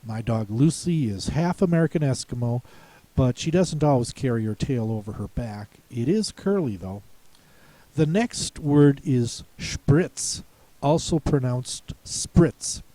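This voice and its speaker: A man teaching a spelling lesson, speaking slowly and deliberately, pausing to repeat words and spell them out. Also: medium pitch, mellow, dry recording. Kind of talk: slow explanatory lesson.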